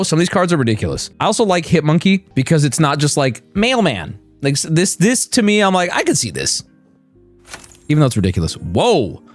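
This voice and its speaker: A male streamer opening card packs live and reading the cards aloud, excitable and profane. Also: medium pitch.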